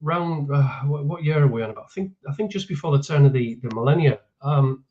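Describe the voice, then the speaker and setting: A man's voice: on the high side, fairly quick, a little mellow. Hesitant guy on a muffled line. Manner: hesitant, often repeats words. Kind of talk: casual chat.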